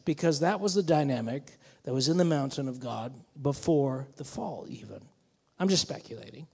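Man, preacher, slightly high voice, sermon, conversational with emphatic bursts, long hall reverb. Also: slightly rough.

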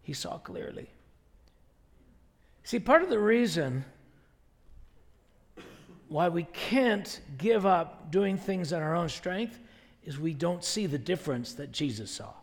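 Male pastor, sermon, conversational, emphatic, rhetorical questions, high voice, long hall reverb. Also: animated, takes it slowly, long pauses.

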